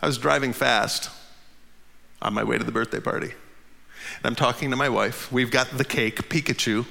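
Animated man in his fifties telling a story. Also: moderate pace, gravelly, big-room sound. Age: 50s. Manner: animated, jumps high in pitch at the funny parts; drops low and quiet for tired asides. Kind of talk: personal storytelling to an audience.

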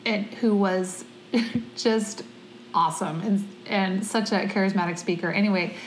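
A woman hosts a casual conversation in a mid-range voice, retelling a story with easy laughter. Her delivery is conversational and quick to turn playful. Faint noise runs under the recording. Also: mid-range voice, fairly even intonation. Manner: chatty, laughing while retelling stories. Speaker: podcast host. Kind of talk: casual chat.

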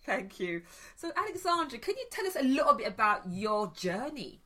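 A woman's voice: fairly high pitch, sing-song, moderate pace, fairly bright tone. A woman hosting a wellbeing podcast, welcoming her guest and encouraging him with short replies. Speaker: podcast host.

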